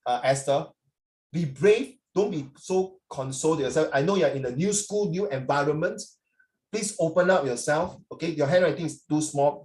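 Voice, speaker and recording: A middle-aged man with a Singaporean English accent, giving chatty, lively feedback to students in an online class and mixing in Chinese phrases. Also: on the high side. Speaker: tutor. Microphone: computer mic on a video call. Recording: echoey room.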